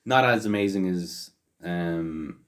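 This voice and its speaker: A man's voice: sits low, slow pace, a bit bright. A young man co-hosting a podcast, chatting casually and offhand, swearing a lot and trailing off with fillers. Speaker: podcast co-host. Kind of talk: casual chat.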